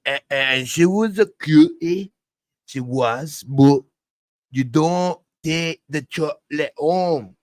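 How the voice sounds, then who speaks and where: A man's voice: fairly high pitch, takes it slowly, dry recording, clean studio sound. A man doing a rambling, boastful older crime boss. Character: older male crime boss, scornful of his kids. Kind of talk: comic character impression in a TV review.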